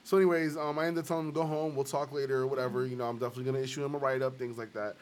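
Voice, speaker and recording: A man's voice: medium pitch, racing. A man hosting a casual podcast chat, telling a story with lots of laughter and acting out the quoted people. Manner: animated storyteller, acts out quoted voices, laughs often. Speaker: host. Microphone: live stream recording.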